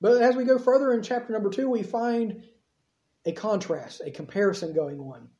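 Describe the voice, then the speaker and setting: Preacher with a dark, echoey sound. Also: mid-range voice, normal speed. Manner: conversational storytelling with casual asides. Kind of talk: sermon. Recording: echoey, slightly dull sermon recording.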